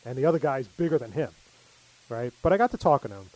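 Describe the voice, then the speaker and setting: A man's voice: medium pitch, lively intonation, fast talker, a little mellow, poor audio. A middle-aged man telling stories in casual chat, full of fillers. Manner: rambling storyteller, many fillers.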